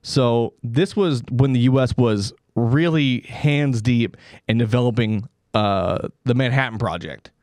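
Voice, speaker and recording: A man's voice: mid-range voice, measured pace, darkish tone, no room sound, clean studio sound. A man hosting a comedy podcast, telling a story in a loose, rambling, casual way with swearing and asides. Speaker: podcast host.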